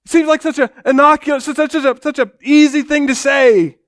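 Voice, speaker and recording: A man preaching a dramatic sermon in church, swinging between loud declarations and hushed, low passages. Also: moderate pace, few pauses. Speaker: pastor.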